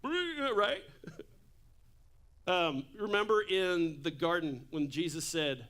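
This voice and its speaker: A man preaches a relaxed, humorous sermon, full of asides and stories. His voice sits high and rings bright and clear. He is in a church. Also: takes it slowly, long pauses. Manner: casual, jokey preaching with asides. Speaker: pastor.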